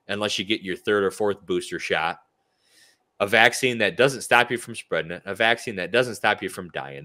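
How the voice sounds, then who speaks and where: A man's voice: on the low side, bright, forceful tone. A man co-hosting a political talk show, ranting with indignant sarcasm.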